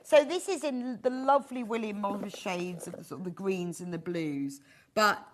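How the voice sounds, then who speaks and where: A woman's voice: medium pitch, moderate pace. A woman from Bath hosting a live shopping show, bubbly and chatty with frequent laughter. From Bath, England.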